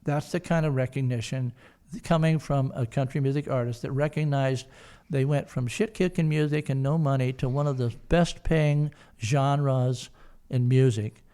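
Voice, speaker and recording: A man's voice: medium pitch, fairly even intonation, moderate pace, dark tone, smooth. An older man telling a long personal story in an interview, rambling with many fillers and restarts. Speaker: guest, son of the founders.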